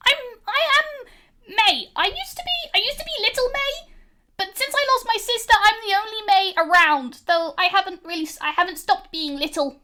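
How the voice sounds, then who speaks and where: A woman's voice: very high-pitched, animated, normal speed, pushed and bright, voice pushed up, full character voice. A woman voicing a tiny grumpy girl creature who answers curtly and dismissively. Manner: prim, dismissive.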